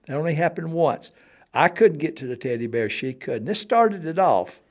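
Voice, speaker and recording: An Alabama storyteller, a guest on a talk show, spins tales in a casual conversation. His voice is fairly high and moderately paced, and he's animated, swinging from hushed to loud for sound effects and laughing often.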